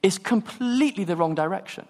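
Animated preacher in a reverberant hall. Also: male voice, sits high, brisk. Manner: animated storytelling, acts out dialogue. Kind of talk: sermon.

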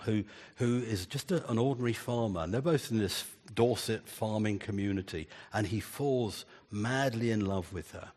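A man's voice: on the low side, long reverb tail. An older man preaching a sermon in an earnest way, building emphasis through repeated phrases.

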